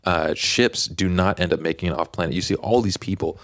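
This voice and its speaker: A man's voice: deep voice, a little fast, fairly bright tone, no echo, clean studio sound. A man co-hosting a podcast, chatting casually about comics with lots of fillers and a rambling flow. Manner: rambling, heavy use of fillers. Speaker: podcast co-host.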